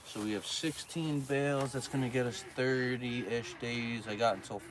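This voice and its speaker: A man's voice: mid-range voice, moderate pace, background noise. A man vlogging on his farm in crude, profane, joking casual chat. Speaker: farmer vlogger. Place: farm, outdoors with goats.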